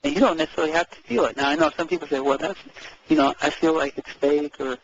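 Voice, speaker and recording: A man chatting casually as co-host, animated, repeating words and acting out quoted speech. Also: on the high side, quick pace, lo-fi sound, a little hiss or hum. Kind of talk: casual conversational chat.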